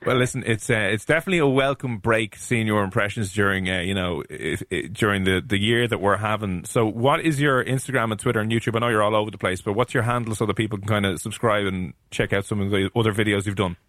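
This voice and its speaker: A man hosting a casual radio interview, friendly and quick to laugh. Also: on the low side, fairly bright tone, dry recording, studio quality. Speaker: radio host.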